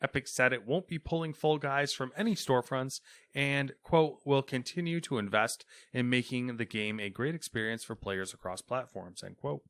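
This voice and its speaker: A man's voice: mid-range voice, moderate pace, fairly bright tone, no room sound. A man co-hosting a casual gaming podcast, reading news items in a hesitant, self-deprecating manner. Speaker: podcast co-host.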